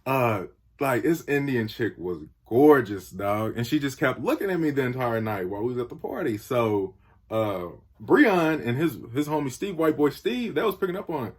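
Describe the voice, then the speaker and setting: A man's voice: mid-range voice, lively intonation, normal speed. A young man telling a story in casual talk, acting out the quotes and the sound effects.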